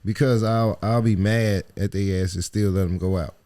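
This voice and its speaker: A man's voice: fairly low pitch, fairly even intonation, moderate pace, dark tone, a little hiss or hum. A man cohosting a casual podcast, talking in a slangy, joking, profane way. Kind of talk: casual chat.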